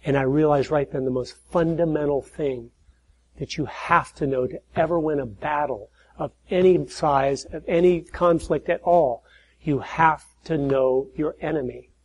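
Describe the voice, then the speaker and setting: A middle-aged man giving an earnest preaching talk, telling stories and building to emphatic points before dropping his voice low. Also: unhurried, low-quality recording. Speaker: speaker at church and conservative conferences.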